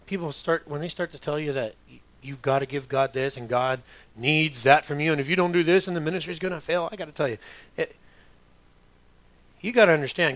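A man's voice: mid-range voice, fairly bright tone. A middle-aged man preaching a sermon as a pastor, conversational, with rhetorical questions to the congregation.

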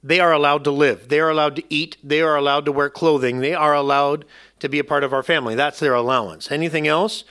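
A male pastor giving a sermon in a conversational, emphatic style, slipping in some humor. His voice sits a little high and sounds bright and forceful. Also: steady tone, quick pace, clear, resonant tone.

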